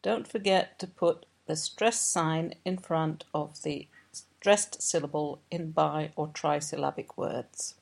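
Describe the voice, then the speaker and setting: A woman teacher reading a dictation exercise aloud, each word said slowly and carefully. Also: low voice, creaky, a little mellow. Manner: deliberate, carefully articulated. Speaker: phonetics teacher.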